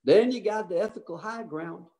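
A man doing an impression of a blunt, folksy older Texan president with a drawling Texas accent, lower and quieter than his own voice. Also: moderate pace. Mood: blunt warning.

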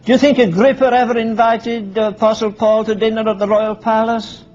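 A man's voice: sits high, flat delivery, a little fast, darkish tone. A man preaching a sermon, firing rhetorical questions at the congregation and acting out Bible scenes in dialogue. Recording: dull lo-fi sermon recording with faint music.

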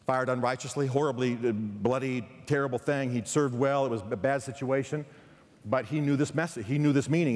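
Texas guy preaching in a big echoey hall, tells stories, trips over his words a bit. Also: medium pitch. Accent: Texan. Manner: storytelling, animated, quick asides and restarts. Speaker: guest speaker. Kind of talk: chapel sermon. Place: large hall. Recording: long hall reverb.

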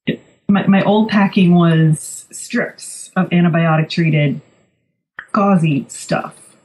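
A woman's voice: fairly low pitch, slow pace, darkish tone, low-quality recording. A woman co-hosting a podcast, telling stories in a chatty, wry, casual way. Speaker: podcast co-host. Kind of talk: casual chat.

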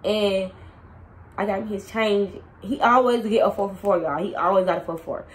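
Animated young woman telling a storytime. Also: mid-range voice, normal speed, rough recording. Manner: animated, slangy, addresses viewers directly. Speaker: storytime vlogger. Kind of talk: casual storytime chat.

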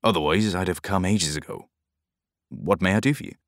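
A man voicing a tired old grey-haired fisherman who speaks in a slow, soft mutter, in an audiobook. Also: low voice, no echo, clean studio sound.

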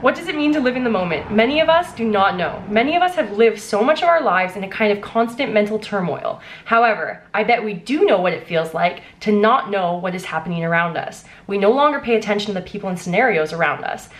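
A young adult woman vlogging as an author, gushing and breathless with excitement as she talks and reads aloud. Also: mid-range voice, fast, hardly any pauses. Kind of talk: excited vlog unboxing and reading aloud.

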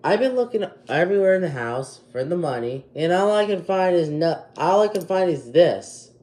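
A man's voice: high voice, animated, moderate pace, a little mellow, reverberant. A twelve-year-old boy hosting a casual vlog, agitated and rambling with many restarts. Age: 12 years old. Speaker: youtube channel host.

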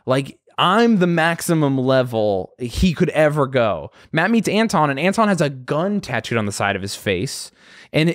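A young adult man, a guest comedian, telling a story in casual chat, animated and swearing freely as he acts out voices. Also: on the high side, moderate pace, no echo, clean studio sound.

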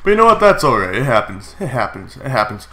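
A young man with a stuffy, congested cold voice gives chatty, excitable commentary while playing a game, with sudden yelps. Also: mid-range voice, fast. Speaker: gaming YouTuber. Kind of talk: casual Let's Play commentary.

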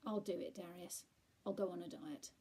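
Woman reading as a sad, greedy tomcat, meek and plaintive, breathy. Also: fairly low pitch, fairly even intonation, moderate pace, mellow. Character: fat, sad, greedy male house cat.

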